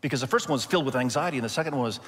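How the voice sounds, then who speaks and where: A male pastor preaching a sermon, expressive and slowing down to stress key points. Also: medium pitch, long reverb tail. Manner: expressive, slows down for emphasis.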